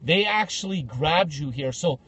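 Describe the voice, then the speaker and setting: A man hosting a podcast, casually telling animated stories and acting out the people in them. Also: a little high, a little slow, slightly rough. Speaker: podcast host. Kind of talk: casual storytelling chat.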